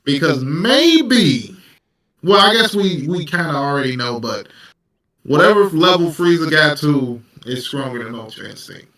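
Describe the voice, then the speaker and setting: A man's voice: fairly high pitch, lively intonation, measured pace, bright, forceful tone, far from the mic. A man hosting a casual anime discussion, laid-back, laughing and profane. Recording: echoey room, off-mic.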